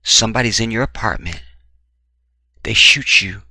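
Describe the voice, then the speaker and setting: A man giving opinionated true-crime commentary, talking in an emphatic, animated way with blunt, profane remarks. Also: lowish voice, moderate pace, no echo. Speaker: commentary vlogger.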